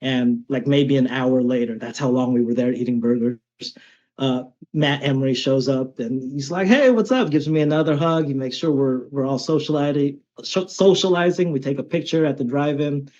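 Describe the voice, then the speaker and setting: A man's voice: medium pitch, fairly even intonation, normal speed, darkish tone, muffled recording. A man telling stories as a podcast guest, chatty and casual, often tagging his sentences with "right?". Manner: chatty, with frequent "um" and "right?" tags. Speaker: martial arts instructor, guest. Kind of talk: conversational storytelling.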